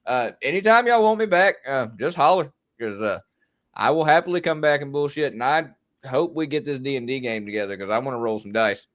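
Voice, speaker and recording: A man, a guest on a casual livestream, relaxed and profane. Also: mid-range voice, brisk. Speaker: podcast guest.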